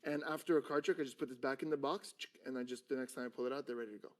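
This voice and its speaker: A man walks through a card trick step by step in relaxed, conversational talk. His pitch sits mid-range, and he slips into mock-annoyed patter as he plays it out. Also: rapid-fire. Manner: animated, acts out exasperated patter with a drawn stick figure. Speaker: magician teaching a card trick. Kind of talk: casual teaching chat.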